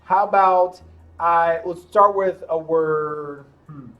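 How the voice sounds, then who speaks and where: A man's voice: on the high side, dull audio. Encouraging male teacher sounding out words. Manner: encouraging, sounds out letters slowly and deliberately. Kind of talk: classroom lesson for young children.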